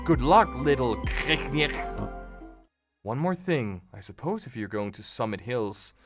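A man voicing an old, guarded male wizard who talks slowly in a hushed, secretive way. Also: mid-range voice, expressive, music in the background, lightly acted.

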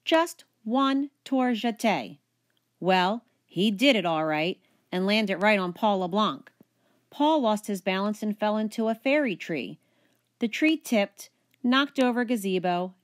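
A woman teacher reading a children's picture book aloud, with expressive, animated storytelling. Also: medium pitch, unhurried.

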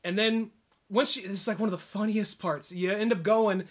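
A man's voice: high-pitched, moderate pace. A young man hosting a podcast in casual chat, telling a story with lots of energy and acting out characters' lines. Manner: animated storyteller, acts out game characters' lines. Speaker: podcast host.

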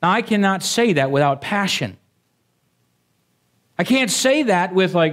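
A male pastor preaches in a high, lively voice that leaps up and down. He trades jokes with the congregation and then climbs to fervent, excited declarations. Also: measured pace, long pauses. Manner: animated, rising to exclamations; jokey asides to the congregation. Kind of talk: sermon.

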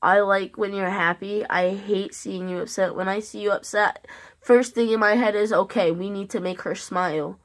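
A woman speaking a heartfelt love message to camera, earnest and halting, with long pauses. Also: medium pitch, fairly even intonation. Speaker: vlogger.

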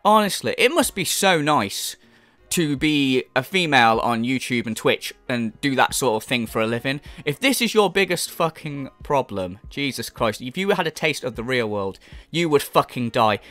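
Sarcastic man ranting, lively pitch. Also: moderate pace, no room sound, soft background music. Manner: sarcastic, profane, exasperated. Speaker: commentary YouTuber. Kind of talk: ranting reaction commentary.

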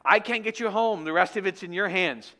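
A man's voice: sits high, brisk, pushed and bright. A man quoting a blunt, dismissive female airline phone agent during a sermon.

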